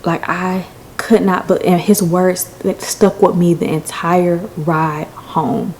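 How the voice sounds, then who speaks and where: A woman's voice: fairly low pitch, flat delivery, slow, darkish tone, a little hiss or hum, rough recording. A woman hosting a podcast, telling a personal story in a candid, emotional way with some swearing. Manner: candid, profane, emotional retelling. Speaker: podcast host.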